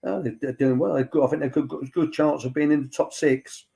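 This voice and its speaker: An older man who once directed a football academy chats as a guest, retelling anecdotes packed with fillers and repeated "he said." His voice is fairly high and fairly even in intonation, fast, dark and with vocal fry.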